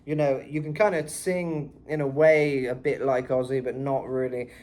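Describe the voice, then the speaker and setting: A man's voice: mid-range voice, normal speed. A man, a vocal coach, talking casually about a singer's technique, recorded on a phone and filling his talk with "you know" and "kinda". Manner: relaxed and chatty, full of "you know" and "kinda". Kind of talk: casual vocal analysis tutorial.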